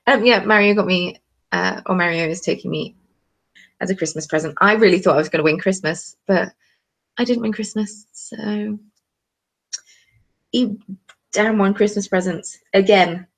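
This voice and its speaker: Young woman, casual live chat, excitable, gravelly fry. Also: medium pitch, normal speed, pauses often. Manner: chatty, bubbly, excitable. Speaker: craft channel host.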